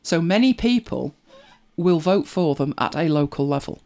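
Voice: medium pitch, animated, moderate pace, darkish tone. A middle-aged speaker with an English accent, chatting casually and reflectively as a host, often laughing and trailing into asides. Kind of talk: casual chat.

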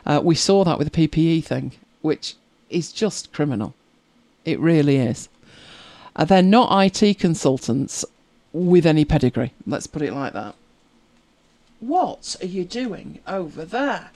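A woman's voice: sits low, lively intonation, normal speed, darkish tone, dry recording. Chatty woman, dry close sound. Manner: chatty, rambling storyteller with frequent laughs. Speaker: livestream host reading viewer comments. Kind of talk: casual live chat.

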